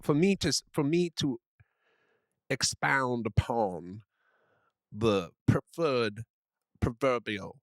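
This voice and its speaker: A man putting on a pompous, verbose Southern gentleman with a put-on Southern accent, drawing his words out. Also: mid-range voice, lively intonation, dry recording. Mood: grandiloquent. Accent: American Southern, put on. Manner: flowery, drawn-out, overly formal. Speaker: podcast co-host.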